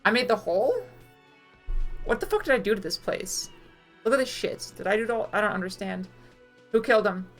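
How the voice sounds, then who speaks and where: A woman playing through a game on a live stream, reading its text aloud in an even, mid-pitched voice and cutting in with casual, cursing remarks. Her voice sits in the middle of the range, and faint music plays underneath. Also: a little fast, pauses often.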